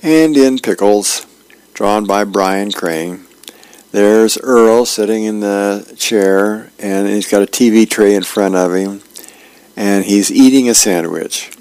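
A man reading advice columns and newspaper comic strips aloud, in a plain, unhurried way with a few fillers. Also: lowish voice, a little mellow, clean tone, no room sound.

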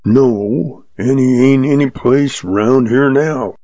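A man's voice: mid-range voice, slow pace, dark tone, dry recording, voice pushed up. A man doing a sneering surly cowboy. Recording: dry, slightly muffled lo-fi.

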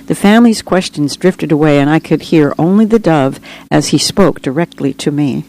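A woman's voice: deep voice, normal speed, warm tone, rough recording. Woman reading her own memoir. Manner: earnest, reflective storytelling. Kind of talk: audiobook narration.

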